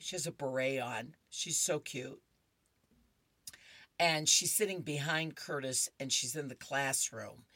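A woman's voice: deep voice, dry recording. A woman reading comic strips aloud on a radio reading service, chatting with listeners between panels. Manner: chatty, warm asides to listeners. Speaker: radio reader.

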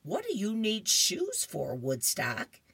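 A woman's voice: mid-range voice, huge pitch swings, slow pace, fairly bright tone, breathy edge, voice pushed up, heavily acted. A woman reading the lines of a wry cartoon beagle in a dry, matter-of-fact way.

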